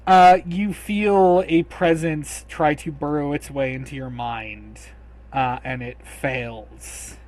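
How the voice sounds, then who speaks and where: Slow-paced male game master. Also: on the high side, fairly even intonation, a little mellow. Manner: measured, descriptive storytelling. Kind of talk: narrating a tabletop game.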